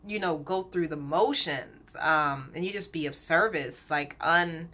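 Woman in her 30s vlogging, bright voice, a bit low, candid and chatty with lots of ums. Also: a little slow. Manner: chatty, candid, gets emotional, many fillers. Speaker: colon hydrotherapist and business owner. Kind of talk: casual vlog to viewers.

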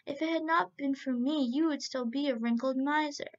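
A woman's voice: high voice, normal speed, lightly acted. A woman voicing a hissing, indignant gander. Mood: angry. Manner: shouting and hissing. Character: indignant male pet goose, watchful and proud. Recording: muffled lo-fi recording.

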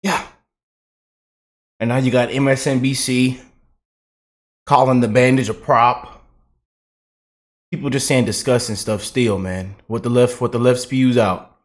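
A man's voice: mid-range voice, steady tone, a little slow, pauses often. A man giving casual political reaction commentary, chatty and loose, laughing often and repeating himself.

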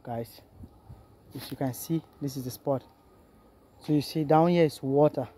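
A man's voice: fairly high pitch, fairly even intonation, unhurried, warm tone. A man walking through a forest outdoors, filming a vlog and talking to his viewers, often calling them "guys" and repeating himself. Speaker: vlogger. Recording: clear music under the voice.

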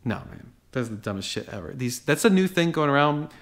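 A man who runs a car dealership reads out buyer messages, reacting with sarcasm, exasperation, and blunt dismissiveness. His voice is a little high, brisk, and lively in intonation.

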